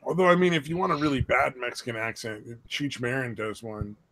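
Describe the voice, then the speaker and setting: A man's voice: mid-range voice, animated, fairly quick, fairly bright tone, no echo. Dry-sounding man rambling casually. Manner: rambling, stammering restarts, frequent swearing. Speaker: podcast co-host. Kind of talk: casual chat.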